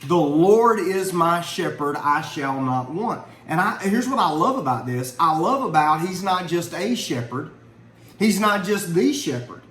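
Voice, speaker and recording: A man's voice: on the high side, lively intonation, a little slow, a bit bright, a little hiss or hum. Earnest father leading a Bible lesson. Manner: earnest and conversational, asks questions. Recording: echoey room, faint ambience.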